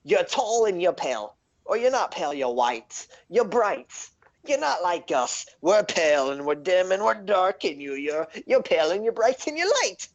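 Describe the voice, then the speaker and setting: A man voicing an excitable little male gnome tinkerer who gushes and repeats himself, on slightly muffled audio. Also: high-pitched, normal speed, pitched above the performer's own voice. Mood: manic. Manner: manic, gushing, repeats himself.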